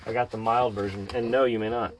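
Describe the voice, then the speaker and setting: A man's voice: lowish voice, fairly even intonation, fast. A man hosting a casual podcast, teasing and wry as he chats. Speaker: podcast host. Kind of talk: casual chat. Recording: faint background hiss.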